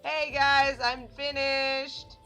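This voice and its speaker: A young woman chatting casually and jokingly while playing a game, bubbly and animated. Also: high voice, extremely slow. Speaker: game streamer. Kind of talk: casual let's-play commentary. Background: faint game music.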